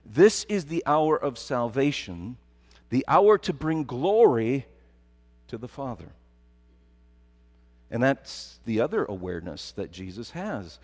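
A man's voice: medium pitch, big pitch swings, slow, pauses often. A middle-aged man preaching a sermon, telling stories and building to emphatic repetition. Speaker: pastor. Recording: long hall reverb.

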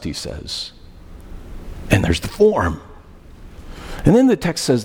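Animated pastor preaching in a reverberant hall. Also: male voice, lowish voice, slow, long pauses, slightly rough. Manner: animated, questioning, emphatic repetitions. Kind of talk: sermon.

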